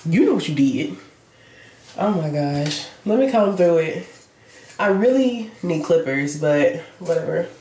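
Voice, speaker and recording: A woman's voice: on the low side, animated, unhurried, warm tone. A young woman, chatting casually to her viewers in a home vlog. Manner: chatty, talks straight to viewers as "y'all". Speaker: beauty vlogger. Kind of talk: casual vlog chat to camera. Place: at home, indoors. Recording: roomy home recording with faint noise.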